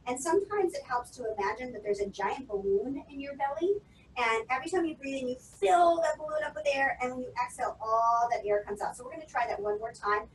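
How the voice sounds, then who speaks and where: A woman public speaking coach guides listeners through breathing drills in a calm, instructive way, counting steadily. Her voice sits a little high. The sound carries a roomy echo and some faint background noise, as if she is some distance from the mic.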